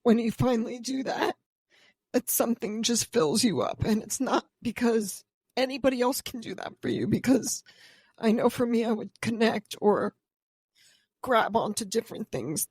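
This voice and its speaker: A woman's voice: fairly high pitch, moderate pace, darkish tone, breathy edge, no room sound. Emotional, open-hearted woman podcast host. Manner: open, vulnerable and tearful. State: emotional, near tears. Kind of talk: emotional casual conversation.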